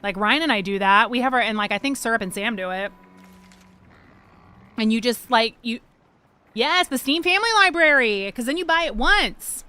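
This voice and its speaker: A woman streaming a video game, chatting to her viewers, swearing freely and reacting fast to the gameplay. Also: a little high, animated, pushed and bright, clear, resonant tone. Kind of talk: casual gameplay livestream chat.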